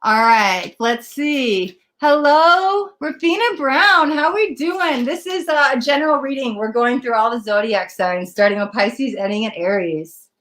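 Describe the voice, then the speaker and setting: Excitable woman giving a tarot reading. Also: sits high. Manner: excitable, gushing, quick to laugh. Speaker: tarot reader. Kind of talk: live tarot reading chat. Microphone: laptop built-in.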